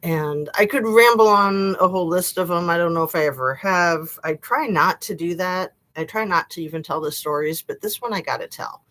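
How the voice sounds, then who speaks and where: A woman's voice: fairly low pitch, normal speed, hardly any pauses, a bit bright, poor audio. A middle-aged woman chatting casually to viewers on a live stream from her home, rambling and laughing often. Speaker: YouTube live-stream host. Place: home room.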